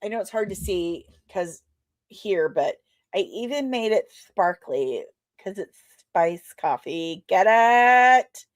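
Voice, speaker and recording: A woman's voice: on the low side, animated, slow, darkish tone, no echo. Chatty woman podcaster, dry close sound. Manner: rambling, self-deprecating, with frequent fillers. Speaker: podcast host and comic creator. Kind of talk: casual chat.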